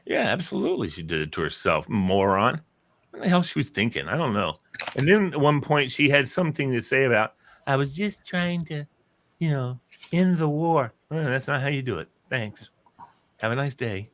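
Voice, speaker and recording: In a relaxed conversation, a male show host with a medium-pitched voice talks a little fast as he relives old radio bits. He tells them with animation, doing the voices himself.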